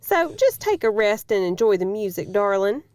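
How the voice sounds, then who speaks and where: A woman's voice: mid-range voice, sing-song, moderate pace, a little mellow, no room sound, close to an everyday voice. A woman doing a drawling Southern announcer. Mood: folksy. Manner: drawling, homespun sayings. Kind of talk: scripted comic promo read.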